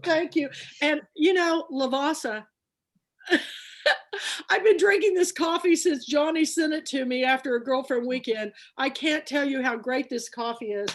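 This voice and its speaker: Speaking a little slowly in a high voice, this Kansas woman leads a video-call book club, talkative and emotional as she recounts conversations.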